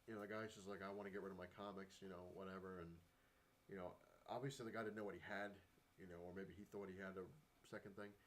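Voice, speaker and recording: A man's voice: low voice, flat delivery, fast, slight background noise. A man vlogging casually about collecting comic books, rambling and chatty, with lots of fillers and acted-out quotes. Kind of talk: casual talking-to-camera vlog.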